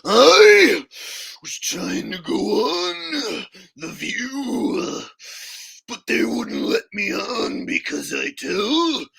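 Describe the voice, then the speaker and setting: Raspy over-the-top wrestler, slow drawl then yelling. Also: male voice, very high-pitched, pitched above the performer's own voice, exaggerated voice. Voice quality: gravelly, drawn-out growl. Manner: slow dramatic drawl bursting into shouts. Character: gravelly shouting male pro wrestler, intense and theatrical.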